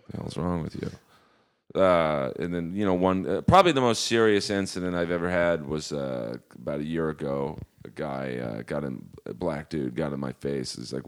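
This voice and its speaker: Very deep gravelly-voiced man. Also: moderate pace. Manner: storytelling, acting out quoted exchanges with shifts in loudness. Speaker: comedian guest. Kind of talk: casual podcast chat.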